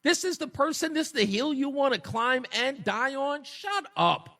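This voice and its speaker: High-voiced radio host guy, swoops up and down a lot, taunting, mocking, sometimes yelling. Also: big pitch swings, moderate pace. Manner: mocking, combative, swings between shouting and low taunts. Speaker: radio talk show host. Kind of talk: opinionated political talk radio monologue.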